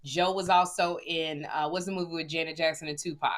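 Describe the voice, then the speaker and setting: A woman co-hosting a podcast, telling a comedy story in casual chat, self-mocking and prone to tangents and quick asides. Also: deep voice, steady tone. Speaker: podcast co-host.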